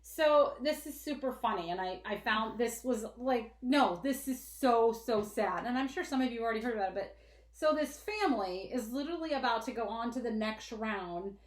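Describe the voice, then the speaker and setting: A woman with a high voice chats casually as a podcast co-host. She tells stories with animation and acts out the people she quotes. The room around her is echoey. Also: animated, normal speed. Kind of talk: casual chat. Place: warm indoor room. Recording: roomy echo.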